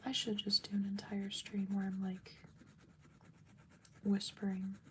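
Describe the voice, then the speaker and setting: A woman's voice: mid-range voice, monotone, a little slow, slight background noise. Whispering woman leaning close to the mic. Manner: soft whispering. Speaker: livestream host. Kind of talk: casual livestream chat while coloring. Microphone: close, leaning right over the microphone.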